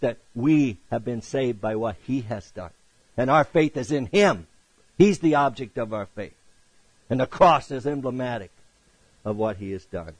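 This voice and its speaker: Husky-voiced man preaching with swelling emphasis. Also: dry recording, rough recording. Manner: swings from loud emphatic peaks to hushed low passages. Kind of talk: sermon.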